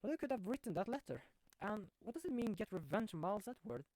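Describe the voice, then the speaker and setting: A chatty, eager young girl sidekick in a video game, read by a man in a lightly raised voice. Her pitch bounces around and the sound is dry. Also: expressive, fast talker, a little mellow, no room sound. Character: bubbly young woman sidekick, curious and chatty.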